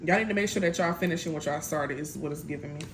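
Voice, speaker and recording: This tarot reader is a fast-talking woman with a low-pitched voice, giving a casual reading directly to her viewers. She's chatty and blunt, tossing in plenty of "y'all" and "like", with slight background noise behind her.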